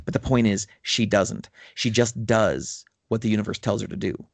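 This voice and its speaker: Low-voiced man, rambling and enthusiastic. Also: steady tone, moderate pace, gravelly, no echo. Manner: rambling, enthusiastic storytelling with fillers. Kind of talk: casual chat about tabletop gaming.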